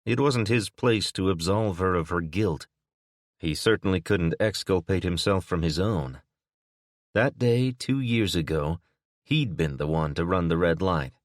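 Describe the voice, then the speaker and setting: A man narrating an audiobook in a steady, even manner. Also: deep voice, measured pace, dry recording, clean studio sound. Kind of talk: scripted narration.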